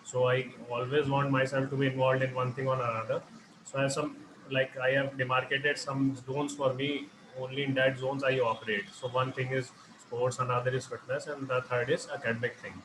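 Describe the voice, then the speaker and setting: A man's voice: medium pitch, little pitch movement, fairly quick. A man from India as an interview guest, talking hesitantly with many fillers in an online interview. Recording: noisy background.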